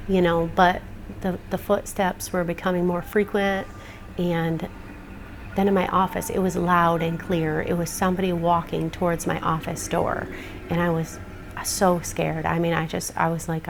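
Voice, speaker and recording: A woman's voice: lowish voice, level tone, normal speed, creaky, a little hiss or hum. A frightened woman in casual interview, talking in a rambling, nervous way and swearing often. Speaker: homeowner reporting a haunting.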